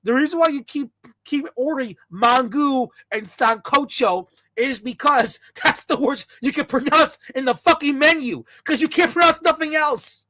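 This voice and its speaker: A woman's voice: sits high, moderate pace, pushed and bright, a little hiss or hum. A woman delivering a blunt, scornful commentary rant, mocking the people she talks about. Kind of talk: ranting commentary.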